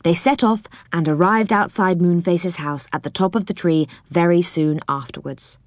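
A woman narrating a children's storybook in a clear, steady, gentle voice. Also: fairly low pitch, normal speed, no room sound, studio quality. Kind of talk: reading a children's storybook aloud.

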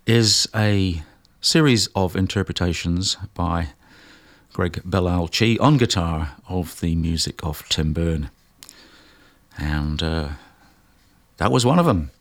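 A man hosting a jazz radio show, talking casually and unhurriedly between tracks with plenty of pauses and fillers. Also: sits low.

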